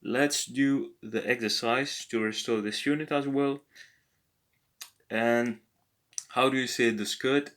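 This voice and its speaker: A man tutoring a language lesson, talking slowly and hesitantly with many filler pauses. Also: mid-range voice, fairly even intonation, fairly bright tone. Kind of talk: screen-recorded app language lesson.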